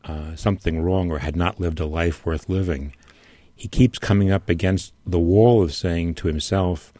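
A man as a radio guest, talking through a novel in a measured way while searching for words. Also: deep voice, mellow, no room sound. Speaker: studio guest. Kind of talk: literary discussion on radio.

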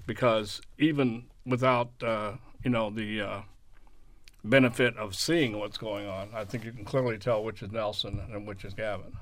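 A man as a guest on a radio show, talking casually with fillers and pauses. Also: lowish voice, fairly even intonation, fairly bright tone, dry recording. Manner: hesitant, with fillers. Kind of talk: casual on-air interview.

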